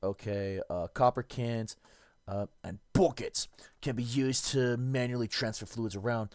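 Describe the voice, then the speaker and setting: A man's voice: mid-range voice, unhurried, a little mellow, no echo, studio quality. A man streaming a game, casually thinking aloud and correcting himself as he reads and works things out. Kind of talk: casual gameplay commentary.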